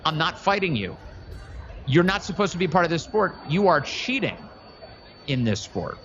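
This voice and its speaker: A man's voice: a little high, very animated, normal speed, a bit bright, muffled recording, a little hiss or hum, voice pushed up. A man voicing an exasperated young woman fencer who refuses to face a male opponent, quoted in commentary. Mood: indignant.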